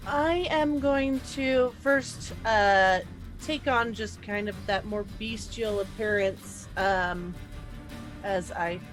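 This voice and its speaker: A woman describes her character's actions in a tabletop game. She speaks slowly and hesitantly, with many fillers. Soft music plays faintly behind her. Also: medium pitch.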